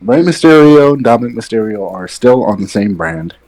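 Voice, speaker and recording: A man co-hosting a casual wrestling podcast, relaxed and opinionated, sitting some way back from his microphone. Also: fairly low pitch, normal speed, rough recording. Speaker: podcast co-host. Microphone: sitting far from his mic.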